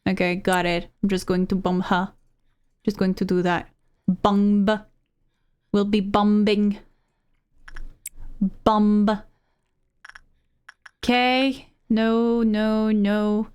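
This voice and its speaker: A woman's voice: medium pitch, flat delivery, extremely slow, long pauses, darkish tone, smooth. A woman streamer talking to herself through a game, repeating words and getting frantic under pressure. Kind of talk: live gameplay commentary.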